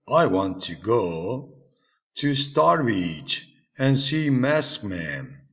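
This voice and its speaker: A man's voice: mid-range voice, sing-song, drawn-out words, slightly rough, full character voice. A man voicing a boy who laughs at a friend caught lying, teasing and laughing. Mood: eager. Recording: slightly dull lo-fi recording.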